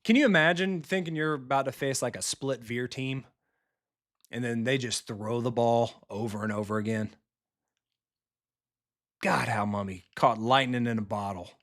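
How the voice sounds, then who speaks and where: A man's voice: mid-range voice, a bit bright. Casual man commenting live on a football game. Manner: casual, blunt and profane, quick reactions to the game. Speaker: video game streamer and football coach. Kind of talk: live gameplay commentary, chatting with viewers.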